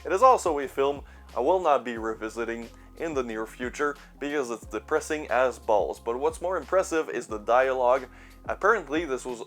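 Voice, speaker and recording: A man's voice: medium pitch, lively intonation, normal speed, a bit bright, soft background music. Rambling, sarcastic young man. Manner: rambling, sarcastic, swears casually. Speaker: YouTuber reviewing his movie collection. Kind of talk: casual chat.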